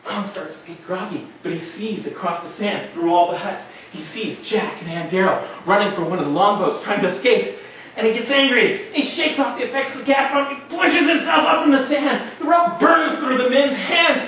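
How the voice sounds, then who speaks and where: A male storyteller performing a tale dramatically, with shouted sound effects. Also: sits high, normal speed, slight background noise. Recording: echoey room, mic far off.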